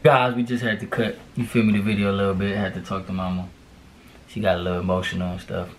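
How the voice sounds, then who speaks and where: A man's voice: deep voice, flat delivery, fast talker, a little hiss or hum. A young man co-hosting a casual couple challenge video, slangy and profane, coaxing and reassuring his partner. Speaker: vlogger co-host.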